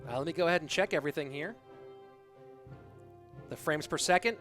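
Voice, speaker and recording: High-voiced, chatty male streamer. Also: fairly quick, a bit bright, soft background music. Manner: chatty, talking to chat while checking his setup. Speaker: stream host and commentator. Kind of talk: live stream chat.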